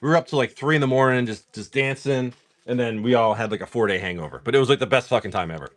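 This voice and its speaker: A man in his forties chatting casually on a live stream while opening card packs, rambling and swearing, with filler words and frequent throat clearing. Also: medium pitch, fast. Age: 40s. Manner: rambling, profane storyteller.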